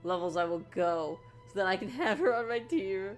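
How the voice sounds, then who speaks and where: A woman streamer giving casual, excitable commentary while playing a game, gushing and often restarting her sentences. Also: mid-range voice, normal speed, few pauses, faint music behind.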